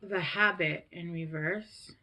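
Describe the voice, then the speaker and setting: A woman's voice: on the low side, slow pace, pushed and bright. A woman in her thirties giving a casual tarot reading to camera, emotional and rambling, often trailing off and restarting her sentences. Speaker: tarot reader.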